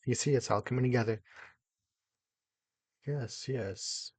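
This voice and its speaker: A young man giving casual commentary as he builds in a video game, excitable, muttering to himself and then bursting into loud exclamations. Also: medium pitch, slow pace, pauses often, slightly rough, no room sound. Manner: excitable, talks to himself while building, jumps between mumbling and loud exclamations. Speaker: gaming YouTuber.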